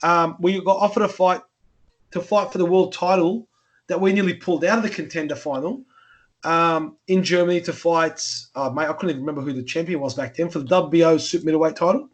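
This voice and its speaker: A man's voice: a little high, steady tone, quick pace, muffled recording. A man hosting a podcast, asking questions in a loose, rambling way with some swearing. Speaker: podcast host. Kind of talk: casual podcast interview.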